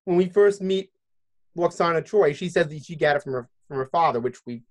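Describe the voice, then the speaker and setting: A man's voice: a little high, animated, fairly quick. A man hosting a podcast in casual chat, thinking aloud and hedging as he goes. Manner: chatty, thinking aloud with hedges. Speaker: podcast host.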